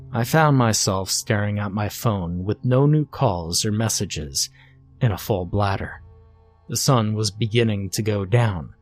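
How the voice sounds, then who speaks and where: A man reading a first-person horror story in a calm, steady scripted narration. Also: lowish voice. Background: faint background music.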